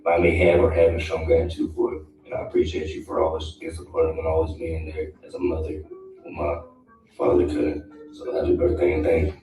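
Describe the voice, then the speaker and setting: A man giving a heartfelt birthday thanks to his mother in a recorded video, slow and earnest. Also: very deep voice, monotone. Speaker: son giving a birthday message. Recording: echoey, dull distant video clip with music.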